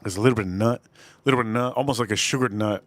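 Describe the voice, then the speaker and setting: A man hosting a casual live-stream whiskey tasting, rambling and repeating phrases while giving shout-outs to his chat. His voice sounds a little deeper than usual, as if he is coming down with something. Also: rapid-fire, noisy background. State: voice turning deeper, feeling a bit ill.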